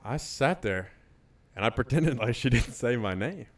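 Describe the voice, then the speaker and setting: A young man co-hosting a podcast in relaxed casual chat, laughing along and asking questions. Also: mid-range voice, normal speed. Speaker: podcast co-host.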